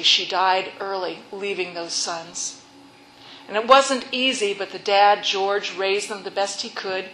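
A woman preacher tells a story in a sermon in a mid-range voice, earnest and often hushed. Her words echo around the room, with a faint hiss behind. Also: mid-range voice. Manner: earnest, soft-spoken, drops to a hush. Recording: echoey room.

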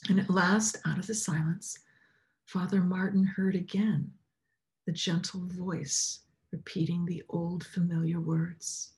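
Woman preacher, storytelling in a sermon, expressive reading that drops near a whisper. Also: fairly low pitch, unhurried.

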